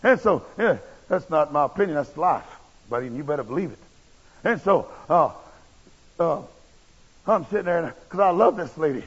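Gravelly preacher man. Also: on the high side, animated, moderate pace, pauses often. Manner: folksy, blunt and emphatic, with rough restarts. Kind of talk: sermon with personal storytelling. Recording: dull lo-fi recording.

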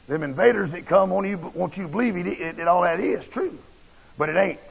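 Preacher guy, husky gravelly voice, folksy and blunt, muffled lo-fi tape. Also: sits high, expressive, fairly quick. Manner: folksy, blunt and emphatic, with rough restarts. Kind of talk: sermon with personal storytelling. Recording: dull lo-fi recording.

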